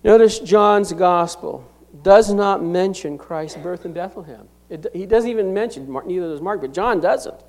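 A middle-aged man preaching a sermon, driving points home with sudden swings between loud declarations and hushed, slowed phrases. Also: high voice. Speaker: pastor.

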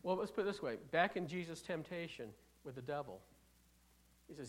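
A preacher giving a sermon, putting rhetorical questions to the congregation and swinging between loud stresses and quiet asides. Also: medium pitch, lively intonation, brisk. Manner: frequent restarts while reading scripture.

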